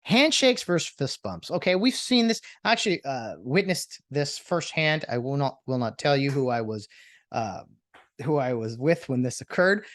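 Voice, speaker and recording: A man's voice: mid-range voice, very animated, moderate pace, a bit bright, dry recording. Rambling man in a dry, close recording. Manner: rambling, many fillers and restarts, earnest. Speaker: podcast host. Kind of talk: casual storytelling monologue.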